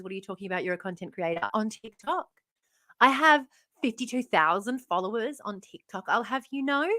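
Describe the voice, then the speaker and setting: Bright, chatty woman streamer. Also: fairly high pitch, no echo, clean studio sound. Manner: chatty, self-mocking, swears freely. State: losing her voice. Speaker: live streamer. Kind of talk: casual live stream chat. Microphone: phone.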